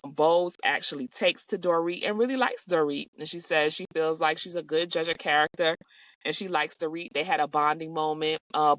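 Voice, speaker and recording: A woman's voice: sits low, fairly bright tone, dry recording. Sassy, blunt woman recapping reality TV. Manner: sassy, blunt and profane, with slangy asides. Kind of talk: casual recap commentary. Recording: slightly dull, dry recording.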